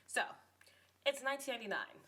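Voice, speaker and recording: A woman's voice: a little high, big pitch swings, fast talker, pushed and bright. A young woman from New York City hosting a podcast in a chatty, rambling, playful monologue. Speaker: podcast host.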